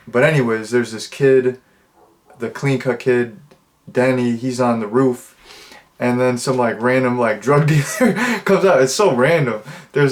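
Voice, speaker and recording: A man rambles through a relaxed, unscripted film review, packing nearly every phrase with "like." His tone stays amused and offhand as he restarts sentences and chases tangents. His voice has a middle pitch. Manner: rambling, constant "like" fillers, amused. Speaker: movie reviewer. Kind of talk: casual unscripted monologue.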